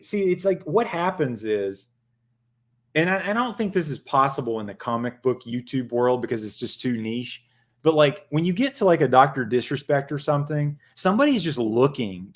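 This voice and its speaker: A man hosting a casual livestream chat, rambling and joking with plenty of profanity. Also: medium pitch. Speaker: channel host.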